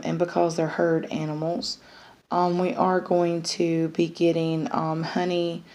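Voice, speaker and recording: A woman with a lowish voice chats casually to the camera. She rambles warmly, with frequent fillers and restarts. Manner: chatty, many fillers, excited baby talk to pets. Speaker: vlogger.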